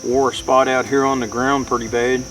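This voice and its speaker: A medium-pitched man speaks over music at a moderate pace and in a level tone. He is an outdoor vlogger camping in the woods and gives casual, chatty narration, folksily calling his viewers "y'all."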